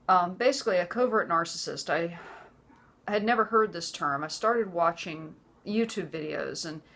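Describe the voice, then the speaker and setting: A woman in her forties speaking earnestly to the camera about her own life, halting often and restarting her sentences. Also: lowish voice, pushed and bright. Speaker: vlogger. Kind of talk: personal testimony to camera.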